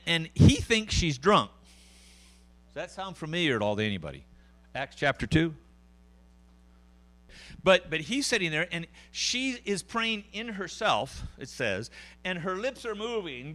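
Animated, bright-voiced male preacher. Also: sits high. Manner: conversational, animated preaching with asides to the congregation. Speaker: pastor. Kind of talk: sermon.

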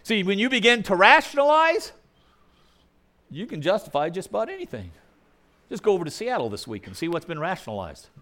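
A man's voice: high voice, big pitch swings, a little fast, bright, forceful tone. A male preacher giving a sermon in a conversational way, putting questions to the congregation.

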